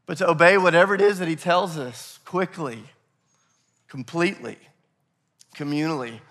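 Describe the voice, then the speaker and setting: A man preaching a sermon as pastor, energetic, repeating key phrases and prompting the congregation to call out answers. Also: fairly high pitch, moderate pace. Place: church sanctuary. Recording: echoey hall reverb.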